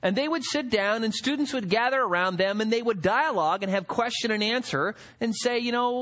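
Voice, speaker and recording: A male pastor gives a sermon briskly, hardly pausing, in a high and expressive voice that moves widely up and down in pitch. He reads verses, asks the room rhetorical questions, and performs quotes of the people he's describing.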